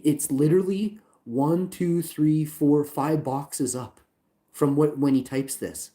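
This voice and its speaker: A man's voice: fairly high pitch, lively intonation, unhurried, dark tone. A man ranting angrily on a livestream about a support chat, swearing, repeating himself and reading chat lines aloud. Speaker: channel owner livestreaming a complaint. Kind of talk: angry livestream rant.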